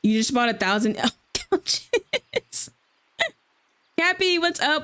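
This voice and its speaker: Sitting high in pitch and moving slowly, this woman streams live and talks excitedly and casually with viewers as she plays. Slang fills her speech.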